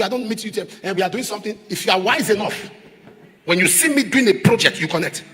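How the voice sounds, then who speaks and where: A man preaching a sermon as a pastor, emphatic, repeating phrases and rising to shouts. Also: high-pitched, lively intonation, very fast, slightly rough, in a large hall. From Nigeria.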